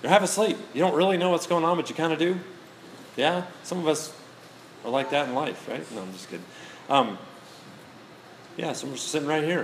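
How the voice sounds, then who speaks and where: A man's voice: fairly high pitch, brisk, pauses often, a little hiss or hum. Man preaching with jokey storytelling. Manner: storytelling, self-mocking humor. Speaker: pastor. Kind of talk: sermon.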